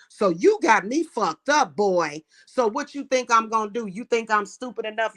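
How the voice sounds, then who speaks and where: A woman speaks in a furious, confrontational vlog rant, swearing freely and mocking the person she addresses. Her voice is bright and forceful, pushing hard on every accusation. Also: mid-range voice. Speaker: vlogger. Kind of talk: angry monologue vlog.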